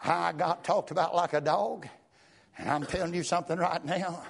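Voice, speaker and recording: A man preaching a fervent sermon, talking in a rhythmic flow peppered with "uh" and "praise God" and rising to shouts at times. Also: high-pitched, fairly even intonation, moderate pace, creaky, breathy edge.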